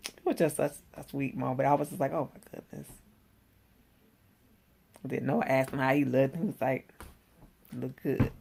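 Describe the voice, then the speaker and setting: Woman, low and gravelly, loose animated slangy recap of a show, talks straight to camera. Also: a little fast. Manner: animated, slangy, exclaims and laughs while retelling. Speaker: TV episode reviewer. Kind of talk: casual chatty recap.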